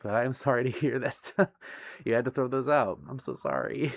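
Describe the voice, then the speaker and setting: A man livestreaming casually from home, reading viewer messages aloud, giggling often and apologizing warmly. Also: medium pitch, animated, normal speed, no echo. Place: home, near a busy street. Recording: dry, slightly muffled stream audio.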